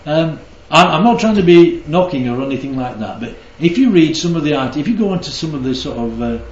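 Man, Bible study leader, animated pitch, roomy sound. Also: fairly quick. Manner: keeps checking in with the group. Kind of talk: interactive Bible teaching. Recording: roomy, slightly dull recording.

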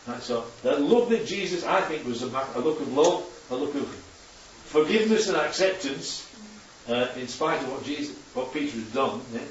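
A man's voice: a little high, expressive, normal speed, a little hiss or hum. A man preaching a chatty sermon with slides to his congregation, constantly checking in with tag questions. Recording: echoey hall, distant dull mic.

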